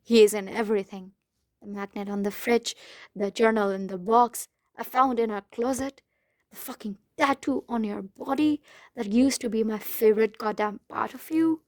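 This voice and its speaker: A woman reading the part of an angry, jealous young husband, speaking low and quietly menacing. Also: normal speed, no echo, clean studio sound, natural voice. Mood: furious.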